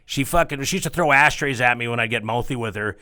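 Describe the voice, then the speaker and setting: A man's voice: mid-range voice, fast, sharp tone, clean tone. A man working as a strip club DJ, telling rambling, profane stories in casual chat.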